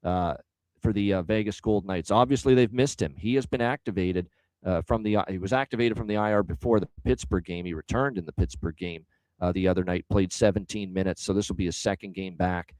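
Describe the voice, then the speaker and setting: A man's voice: deep voice, brisk, darkish tone, dry recording, low-quality recording. A man hosting a sports betting show, talking through his picks in an emphatic, casual way.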